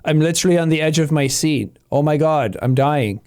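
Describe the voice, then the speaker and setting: An Irish man reacting to his own old gaming videos in casual commentary, animated with loud playful outbursts. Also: on the high side, a little fast, smooth.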